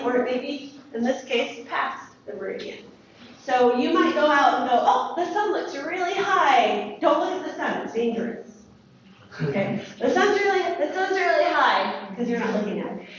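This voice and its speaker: An American woman teaching a planetarium class, chatty and lively, asking students questions. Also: high voice, very echoey, distant mic, lo-fi sound, a little hiss or hum. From United States. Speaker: astronomy teacher. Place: planetarium dome.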